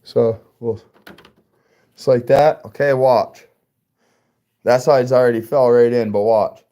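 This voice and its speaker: A man's voice: medium pitch, steady tone, slow pace, warm tone. A man giving a casual workshop build tutorial as a car audio installer, chatty and profane, talking straight to his viewers.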